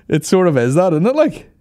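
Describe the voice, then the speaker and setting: A man hosting a comedy podcast, bantering with animated, profane asides. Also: high-pitched, dry recording. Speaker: podcast host.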